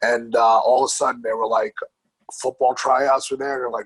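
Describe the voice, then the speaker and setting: Husky male guest, dry mic, animated casual storyteller. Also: mid-range voice, normal speed, no echo, poor audio. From New York. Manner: animated, laughs often, swears casually. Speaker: podcast guest, grappling coach.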